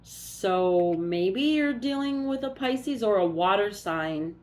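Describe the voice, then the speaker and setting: Woman card reader, unhurried drawl, muses aloud as she reads; mid-pitched. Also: animated. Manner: musing aloud, unhurried, thinking as she goes. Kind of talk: casual card reading.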